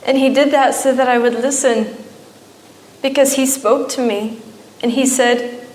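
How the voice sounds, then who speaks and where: A woman's voice: high-pitched, fairly even intonation, a little slow, a little mellow. A young woman giving an emotional personal testimony at a church, her storytelling rising at times into pleading. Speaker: church speaker. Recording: echoey church hall.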